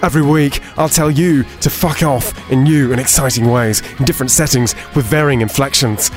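A man doing a sweary shouting celebrity chef. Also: mid-range voice, a little fast, soft background music, close to an everyday voice. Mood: abusive. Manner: sweary, barking insults. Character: foul-mouthed celebrity chef, middle-aged man, abrasive. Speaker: podcast host impression.

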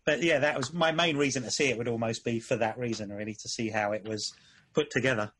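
A man co-hosting a casual film podcast, talking in a relaxed, hesitant way with frequent restarts. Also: medium pitch, fast talker, slight background noise. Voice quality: husky. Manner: easygoing, hesitant, restarts often. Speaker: podcast co-host.

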